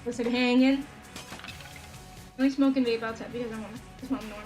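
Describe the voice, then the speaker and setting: A woman with a high voice streams a game and chats with her viewers in a loose, sarcastic, rambling way. She sounds a little tired and worn out, with game music playing clearly behind her. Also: fairly even intonation, quick pace. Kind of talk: casual gameplay commentary. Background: background game music.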